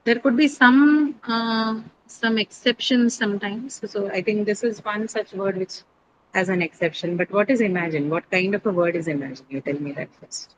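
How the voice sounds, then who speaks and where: A woman's voice: mid-range voice, normal speed, noisy background. A woman teacher lecturing an online English class, explaining step by step and correcting students patiently.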